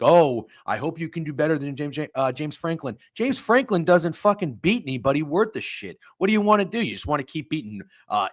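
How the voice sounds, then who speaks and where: Brief: male live-stream sports host, swears freely, flips between muttering and shouting. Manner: profane, heated ranting with big pitch swings.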